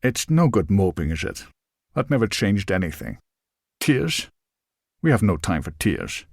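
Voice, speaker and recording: A man's voice: on the low side, very animated, a little slow, vocal fry, no room sound, heavily acted. A man doing a terse, balding older film star. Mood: gruff comfort. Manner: curt, firm, dry humour. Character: terse older famous actor, tall and balding.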